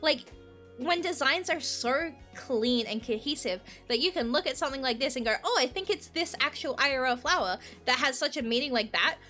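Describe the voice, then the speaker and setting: Bright, gushing young woman streamer. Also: high-pitched, expressive, brisk, soft background music. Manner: gushing, rambling, full of "like" fillers. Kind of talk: casual game commentary and reading aloud.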